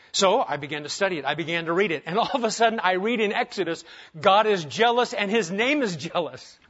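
A male pastor delivers a conversational sermon, tossing out rhetorical questions and humorous asides. His voice sits a little high for a man. The recording is dull and lo-fi. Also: fairly bright tone.

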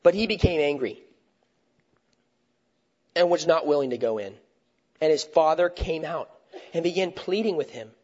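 A man with a notably high voice preaches a sermon, talking it through conversationally. He poses rhetorical questions and often restarts his phrases, and the recording sounds dull and lo-fi. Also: lively intonation, normal speed, long pauses, a little mellow.

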